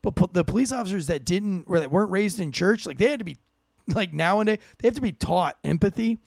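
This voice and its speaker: A man's voice: sits high, animated, quick pace, vocal fry, a little mellow, no echo. A man who was once a police officer, hosting a podcast in casual, profane, joking chat and reading ads. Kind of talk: casual chat and host-read ad.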